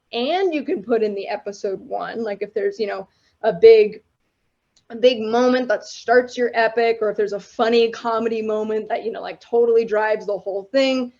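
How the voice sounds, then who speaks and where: A woman's voice: on the high side, darkish tone. A woman guest speaker giving an informal, chatty and enthusiastic talk to students over a video call. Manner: chatty and enthusiastic, laughs between points. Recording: dull lo-fi audio.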